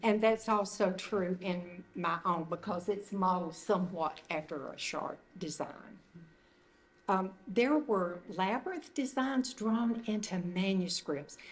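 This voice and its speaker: A woman's voice: medium pitch, unhurried. An older woman leading a retreat group, giving an informal, conversational teaching talk indoors in a meeting room. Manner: conversational, loosely phrased, gentle. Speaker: retreat leader.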